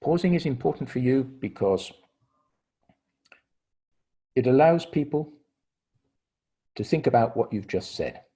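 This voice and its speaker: A middle-aged man leading an online training seminar on communication, explaining step by step with deliberate pauses and stressed key words. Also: medium pitch, animated, warm tone, breathy edge.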